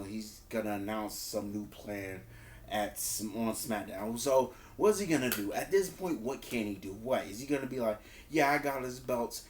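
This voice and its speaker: A man giving a casual spoken review of a wrestling show. He talks loosely, repeats words and restarts, and acts out quotes in a higher voice. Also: darkish tone, slight background noise. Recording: roomy echo.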